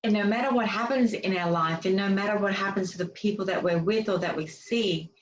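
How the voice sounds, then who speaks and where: A woman's voice: mid-range voice, brisk, slight background noise. A woman speaker and author telling stories in a casual, chatty way, with many fillers and restarts. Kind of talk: casual interview storytelling. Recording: distant, dull lo-fi sound.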